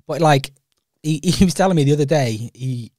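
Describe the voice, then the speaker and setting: A man's voice: fairly high pitch, moderate pace, darkish tone, dry recording, studio quality. A young Welsh man co-hosting a podcast, telling rambling stories in a casual chat and laughing often. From Wales. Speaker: podcast co-host.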